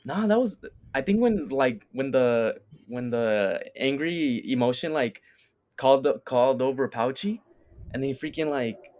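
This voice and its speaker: A man's voice: medium pitch, expressive, unhurried, a little mellow. Rambling man co-hosting a casual chat. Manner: rambling, filler-heavy storytelling. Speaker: podcast co-host.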